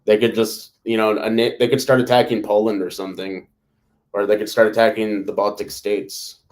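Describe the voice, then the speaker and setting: Lowish voiced guy hosting a live chat, rambling, lots of like and you know. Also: darkish tone. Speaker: host. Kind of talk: casual live discussion.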